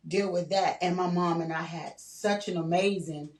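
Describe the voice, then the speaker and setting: Older woman, low voice, roomy distant mic. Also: fairly even intonation, normal speed. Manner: earnest, repetitive storytelling with "you know, like". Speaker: guest sharing her story. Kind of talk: candid podcast conversation.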